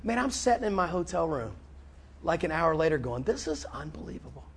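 A man preaching, telling a story with animated, repetitive delivery and acted-out dialogue. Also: fairly high pitch, fairly quick, slightly rough. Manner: animated, repeats words, acts out dialogue. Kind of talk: sermon storytelling.

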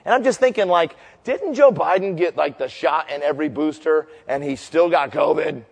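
Gravelly animated pastor in his fifties. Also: big-room sound. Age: 50s. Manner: animated storytelling, shouting punchlines, then slowing and dropping to a low hush. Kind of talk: sermon.

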